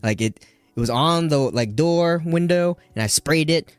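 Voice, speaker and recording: A man's voice: a little high, expressive, moderate pace, clean tone, no room sound. A man co-hosting a podcast, telling stories in a brash, laughing, casual way. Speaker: podcast co-host. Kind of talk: casual chat.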